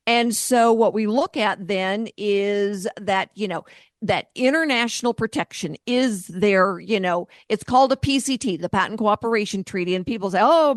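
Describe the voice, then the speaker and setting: A woman's voice: mid-range voice, no room sound, studio quality. A woman co-hosting a radio talk show, explaining invention matters with confidence. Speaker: co-host, invention expert.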